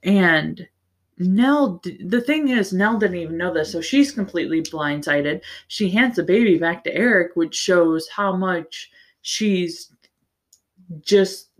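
A woman's voice: on the low side, slow. A woman hosting a podcast, giving a casual, rambling book recap with plenty of fillers, restarts and the odd swear word. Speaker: podcast host.

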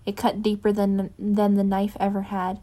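A woman reading fan fiction aloud in a plain, unpolished way, pausing to correct her own slips. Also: mid-range voice, completely flat delivery, mellow. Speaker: reader.

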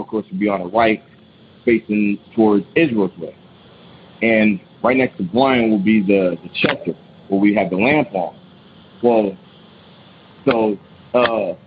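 Man telling a ghost story, lo-fi. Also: lowish voice. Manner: rambling, restarts often, slangy. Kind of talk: casual spoken storytelling. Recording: dull lo-fi recording with clear noise.

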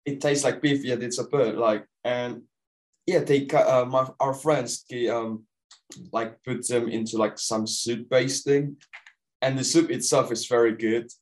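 A man's voice: medium pitch, steady tone, moderate pace, rough recording. Rambling young Indonesian man, casual chat. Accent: Indonesian-accented English shifting toward British. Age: young adult. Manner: rambling, heavy use of "like". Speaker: podcast co-host.

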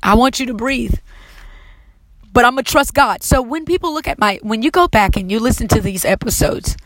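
A middle-aged woman preaches a heartfelt testimony, her voice fervent and close to tears. Her pitch sits a little high, and the sound is dry and close, with no room around it. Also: lively intonation, a little fast, a bit bright, no echo, rough recording. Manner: emotional, fervent, fighting tears. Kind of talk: testimony sermon.

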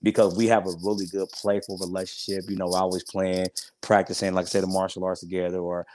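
Low-voiced heartfelt man in his forties. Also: flat delivery, fast, a little mellow, slight background noise. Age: 40s. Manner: heartfelt, rambling with many restarts. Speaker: podcast guest. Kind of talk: casual interview chat.

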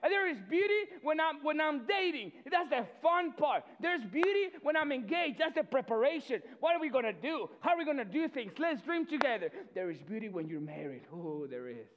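Brief: high-pitched male pastor, energetic sermon, stumbling repeats, dull lo-fi recording. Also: fairly quick, few pauses. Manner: energetic, repeats words, swings loud and soft. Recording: dull lo-fi sound.

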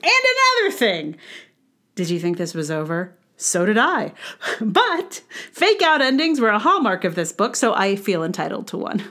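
A woman's voice: medium pitch, big pitch swings, normal speed, fairly bright tone. A woman hosting a casual book review monologue, ranting with sarcastic passion and wry asides. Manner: wry, conversational with fillers. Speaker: podcast host reviewing a book.

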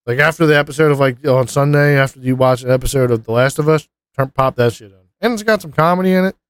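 A man's voice: mid-range voice, quick pace, clear, resonant tone, no echo. A man co-hosting a casual podcast, rambling with lots of fillers and swearing. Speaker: podcast co-host. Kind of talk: casual profane chat.

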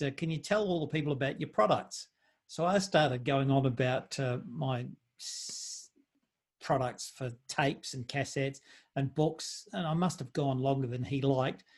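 A man's voice: medium pitch, darkish tone, husky. A man hosting a podcast, chatting in a jokey, easygoing way with his guest. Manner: jokey, chatty, laughs easily. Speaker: podcast host. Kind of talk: casual interview chat.

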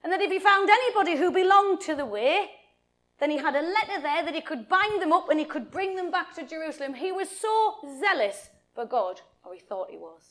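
A woman telling a Bible story to children and adults in an animated way, often addressing her listeners directly. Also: very high voice, fairly quick.

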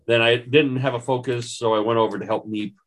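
A man playing at a tabletop game, talking in wry, halting bursts and chuckling. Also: mid-range voice, fairly even intonation. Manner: wry, stumbling restarts, chuckling. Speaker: player. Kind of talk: casual tabletop banter.

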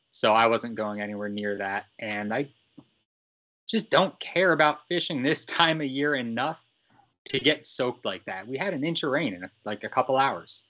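A man in his thirties, guest co-host of a podcast, talking casually with a dry, deadpan humor. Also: medium pitch.

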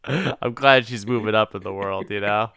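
A man with a bright, smooth voice riffs with a co-host, laughing often and cracking crude jokes. His voice is recorded close and dry, with no room sound. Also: fairly low pitch, normal speed, dry recording. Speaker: podcast co-host. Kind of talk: casual comedic banter.

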